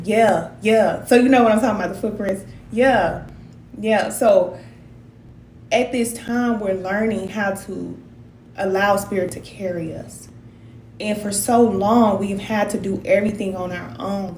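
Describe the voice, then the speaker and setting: A woman's voice: mid-range voice, darkish tone. Chatty woman giving a spiritual reading. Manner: chatty and rambling, reading out viewer comments. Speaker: spiritual advisor. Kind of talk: casual livestream spiritual reading. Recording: roomy sound with faint noise.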